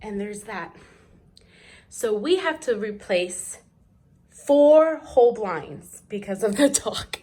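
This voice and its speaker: A woman's voice: a little high, lively intonation, slow pace, warm tone. A young woman casually commenting on home video footage she is filming, chatty and exasperated. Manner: chatty, exasperated while showing damage. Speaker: vlogger.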